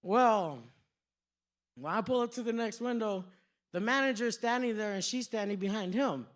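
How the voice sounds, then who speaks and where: This high-voiced man performs stand-up storytelling at a comedy club at a moderate pace. His stories ramble, are full of profanity, and slip into quoted voices.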